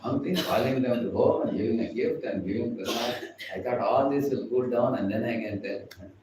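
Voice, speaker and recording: A spiritual teacher with an Indian English accent gives a chatty devotional class, laughing often and acting out the people he quotes. His voice has medium pitch and normal speed. He's recorded far from the mic in an echoey hall, with background noise.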